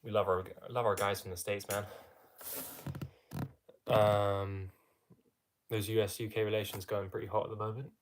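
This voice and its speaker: Young english bloke on a late night livestream, lowish voice, chatty, calls everyone mate, bit of faint hiss. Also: male voice, level tone, normal speed, pauses often. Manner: chatty, reads viewer comments aloud, friendly filler "mate". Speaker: livestream host answering chat. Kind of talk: casual live-stream chat.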